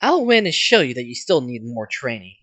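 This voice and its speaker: A man's voice: medium pitch, very animated, a little fast, voice pushed down. A man voicing a brash drill-sergeant schoolgirl. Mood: taunting. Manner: loud, commanding, yells a lot. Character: brash young woman student, drill-sergeant temper. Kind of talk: fan role-play voice acting.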